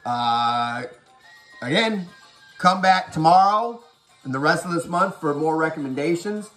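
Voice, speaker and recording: A man rattles off a horror movie plot in a profane, animated rush. His fairly high voice swings up and down a lot, and it echoes around the room over faint music. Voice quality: profane, animated, rapid storytelling. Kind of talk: casual movie recap.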